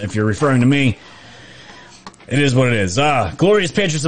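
A man's voice: mid-range voice, expressive, moderate pace. A man, chatting casually on a live stream, reading viewer comments, laughing often and restarting his sentences. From New York.

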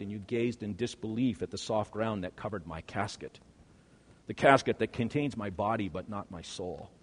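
A man preaching an earnest first-person monologue, swinging between hushed and loud passages. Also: lowish voice, big-room sound.

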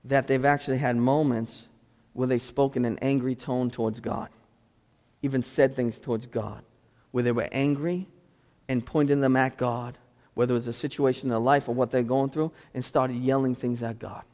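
A pastor preaching a sermon with passion, moving between pleading cries and hushed intensity. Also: male voice, mid-range voice, fairly even intonation, normal speed. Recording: long hall reverb.

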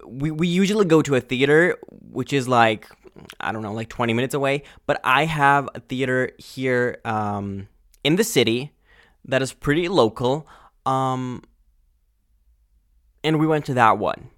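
A man's voice: mid-range voice, dry recording. Casual young guy venting on his podcast, cursing and restarting sentences, dry close mic. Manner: animated, swears a lot, trails off and restarts. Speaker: podcast host. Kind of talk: casual ranting monologue.

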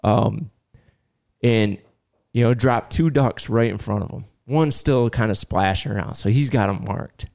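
Gravelly low-voiced man telling a story. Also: a little slow, dry recording. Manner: storytelling, animated, laughs often. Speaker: podcast host and dog trainer. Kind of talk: casual podcast chat.

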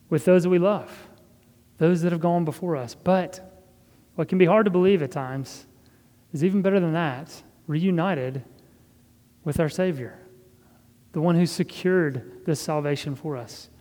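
Man, pastor, sermon, earnest measured delivery, fairly high voice, long hall reverb. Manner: earnest, measured preaching with soft laughs.

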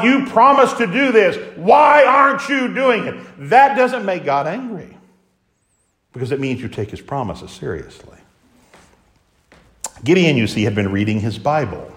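A man preaching a sermon with dramatic swings between loud exclamations and hushed asides, acting out the voices of biblical characters. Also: mid-range voice.

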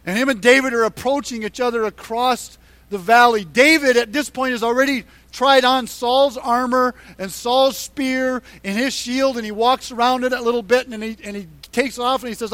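A man preaching a sermon, retelling a Bible story in an animated way and driving points home through emphatic repetition. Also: very high-pitched, moderate pace, dry recording. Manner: emphatic, repeats points for stress. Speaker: pastor.

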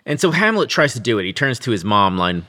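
Animated man talking through a play. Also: medium pitch, quick pace. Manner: explains scenes and reads verse aloud in between. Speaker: podcast co-host. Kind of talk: casual literary discussion.

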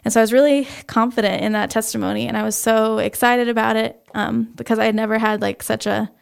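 Earnest young woman, gravelly yet smooth. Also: a little high, fairly even intonation. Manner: earnest, halting, with many fillers. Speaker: interview guest. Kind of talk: personal faith testimony.

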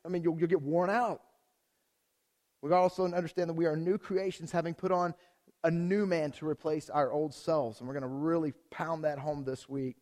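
Energetic man preaching a casual sermon. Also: on the high side, normal speed. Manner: energetic, repeats phrases, frequent restarts; addresses the congregation directly. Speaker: pastor. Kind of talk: conversational sermon.

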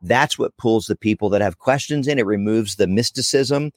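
A man's voice: lowish voice, moderate pace, dry recording. Rambling man on a dry podcast mic. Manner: rambling, self-correcting, joking. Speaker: guest speaker. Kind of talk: casual podcast conversation.

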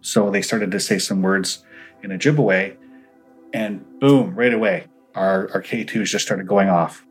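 Low-voiced man recounting ghost stories. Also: a little slow, breathy edge, faint music behind, poor audio. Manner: earnest, acts out quoted dialogue. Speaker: paranormal investigator guest.

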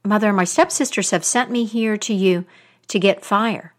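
A woman's voice: mid-range voice, normal speed, lightly acted. A woman voicing a frightened young girl who speaks in a small, hesitant voice. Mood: timid.

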